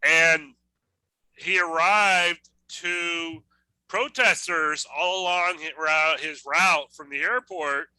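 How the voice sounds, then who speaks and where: Man, podcast co-host, piercingly bright voice, dry close sound, casual chat. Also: a little high, fairly even intonation, takes it slowly, clear, resonant tone, no room sound, poor audio. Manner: agreeable, brief replies, tells news stories. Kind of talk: casual banter.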